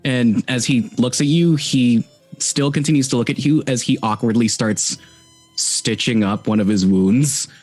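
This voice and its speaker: Guy running a tabletop game, mid pitch, lots of uh and restarts, faint music under. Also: measured pace, a little mellow. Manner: rambling with many fillers and restarts. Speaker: game master.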